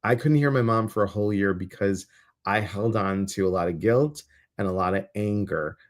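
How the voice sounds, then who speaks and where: A man's voice: fairly low pitch, normal speed. A middle-aged man co-hosting a casual weekly livestream, telling stories animatedly and acting out his own reactions. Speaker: co-host of a weekly intuitive live show.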